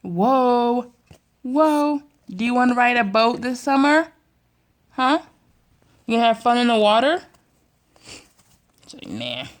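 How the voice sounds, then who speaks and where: A woman's voice: a little high, measured pace, long pauses. A young mother at home in her bedroom, talking to her toddler in coaxing, sing-song baby talk and often laughing. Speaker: vlogger mother.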